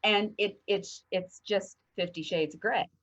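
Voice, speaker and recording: A woman co-hosting a heartfelt discussion show, telling stories in an animated way and acting out quotes. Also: medium pitch, a little slow, lo-fi sound. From northern United States. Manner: animated storyteller, acts out quotes. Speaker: co-host.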